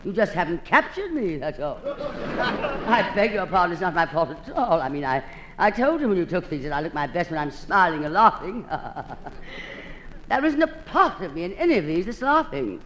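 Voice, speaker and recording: A woman's voice: fairly low pitch, big pitch swings, moderate pace, a bit bright, a little hiss or hum. A woman hosting an old-time radio comedy monologue, delivering it in a theatrical drawl and calling everyone darling.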